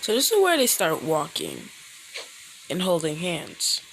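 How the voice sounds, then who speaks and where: A woman's voice: lowish voice, huge pitch swings, a little slow, vocal fry, a bit bright, a little hiss or hum, low-quality recording. A woman improvising a fan story in a rambling way, often correcting herself, while food sizzles in a pan in her kitchen. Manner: rambling, frequent self-corrections. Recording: frying food sizzling behind.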